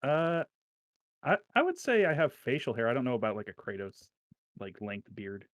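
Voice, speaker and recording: A man playing a tabletop game, thinking aloud with hesitant pauses. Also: medium pitch, sing-song, no echo. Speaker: player. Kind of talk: casual tabletop game play.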